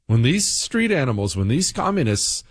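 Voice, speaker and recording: A man's voice: mid-range voice, big pitch swings, moderate pace, husky. A man hosting a political talk radio show, delivering a heated, indignant monologue.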